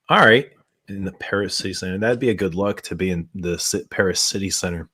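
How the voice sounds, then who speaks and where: A man hosts a late-night livestream in a relaxed, drawling chat. His voice sits very low and deep, and he laughs often. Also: brisk, breathy edge. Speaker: perfume brand owner hosting a livestream.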